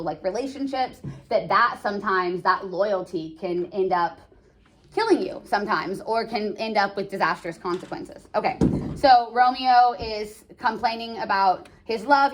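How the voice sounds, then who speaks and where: A woman's voice: medium pitch, a little hiss or hum. A woman teaching a class, chatty and joking, full of filler words. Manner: chatty, joking, lots of "like" and "you know". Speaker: English teacher. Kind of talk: classroom lesson.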